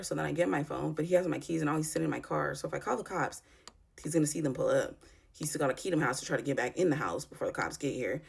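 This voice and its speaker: Gravelly low-voiced woman in her thirties. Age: 30s. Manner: raw, profane, emotional retelling with many fillers. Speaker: vlogger. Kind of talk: personal storytime vlog.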